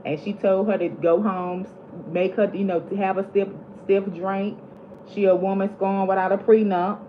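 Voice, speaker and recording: A woman's voice: medium pitch, little pitch movement, moderate pace. A woman, chatting casually on her vlog and animatedly retelling movie scenes. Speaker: vlog host. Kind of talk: casual chat. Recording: slightly dull lo-fi audio with faint background hiss.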